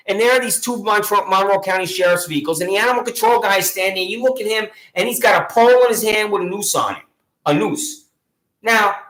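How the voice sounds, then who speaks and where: A man's voice: sits high, fairly bright tone. A man telling his own grievance in the second person, repeating himself emphatically and addressing himself by name. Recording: echoey room.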